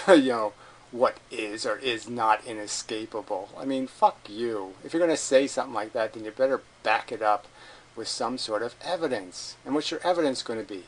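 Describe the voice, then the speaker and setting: A man's voice: medium pitch, low-quality recording. A man giving a combative, sarcastic commentary as a video host, swearing and mocking the people he argues against. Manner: mocks opponents in put-on voices. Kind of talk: ranting commentary.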